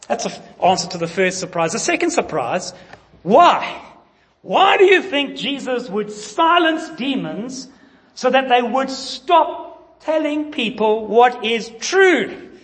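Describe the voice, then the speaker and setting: A man's voice: extremely high pitch, big pitch swings, slow, fairly bright tone. A man preaching a sermon, emphatic and putting questions to his congregation. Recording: long reverb of a large hall.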